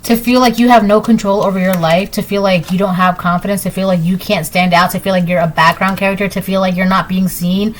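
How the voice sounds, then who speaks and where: A woman's voice: mid-range voice, steady tone, fast, hardly any pauses, a little hiss or hum. A woman giving a collective tarot reading, talking straight to viewers in an emphatic, repetitive way. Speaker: tarot reader.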